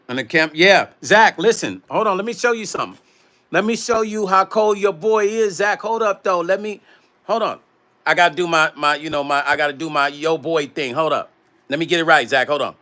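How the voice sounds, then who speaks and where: Bright-voiced man chatting on his livestream. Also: on the high side, normal speed, pauses often. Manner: chatty, reads out viewer comments. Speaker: music producer and vlog host. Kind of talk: casual livestream chat. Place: home music studio.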